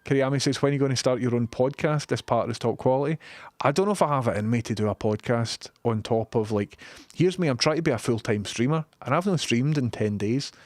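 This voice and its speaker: A man's voice: medium pitch, a little fast, dry recording. A young Scottish man chatting casually on a live stream from his home studio, joking and reading out viewer messages. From Scotland.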